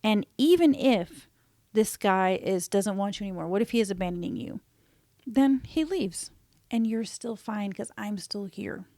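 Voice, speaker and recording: A woman speaks gently and earnestly, as if confiding in her listeners. Her voice sits in a middle pitch range. It is recorded close and dry, with no room sound. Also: lively intonation, normal speed, dry recording. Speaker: podcast host. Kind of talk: reflective personal talk.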